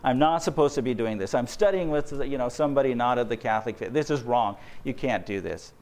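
A man's voice: medium pitch, fairly quick, darkish tone, pitched below the performer's own voice, lightly acted. A man voicing a pressured woman patient. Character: troubled woman patient quoted.

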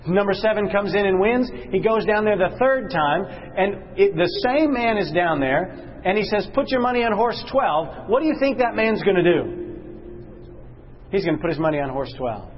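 Man teaching a lively Bible class. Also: dull audio. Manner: questions the class, slows and drops low for emphasis.

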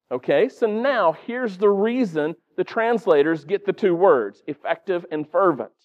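A middle-aged male preacher with a notably high voice, talking a sermon through in an easy, conversational way. He keeps turning to the congregation with quick questions. The recording is dull and lo-fi.

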